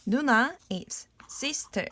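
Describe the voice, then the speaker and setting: A young South Korean woman with a Korean accent patiently walks through a beginner language lesson in a high, lively voice that sounds pushed and bright. She speaks slowly and demonstrates playful laughing words in a sing-song way. There's a little hiss or hum in the recording.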